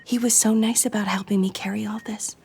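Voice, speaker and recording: A woman voicing a nervous, high-strung woman with a thin, high voice. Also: fairly even intonation, brisk, vocal fry, darkish tone, slightly rough. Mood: fretful.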